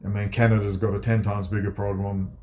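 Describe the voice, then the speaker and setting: A man giving ranting commentary, sarcastic and profane, dropping to low mutters and jumping to high mocking outbursts. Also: level tone, brisk, darkish tone, slight background noise. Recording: echoey room.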